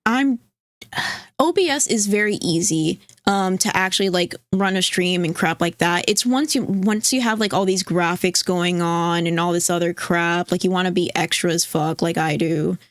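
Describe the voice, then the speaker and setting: A woman's voice: fairly low pitch, moderate pace, dry recording, studio quality. A woman co-hosting a casual livestream, chatting and reading viewer names off a list. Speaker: stream co-host.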